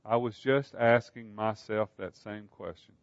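A man voicing a weary aging king who speaks quietly and in a measured way, in a dull, dry recording. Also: lowish voice, steady tone, no room sound. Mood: resigned.

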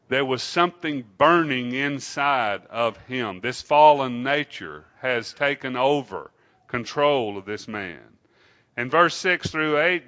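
A man delivers a sermon in a bright, forceful voice at a middle pitch. He preaches in an unhurried, conversational way and often puts questions to his congregation. The recording sounds dull and lo-fi. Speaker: pastor.

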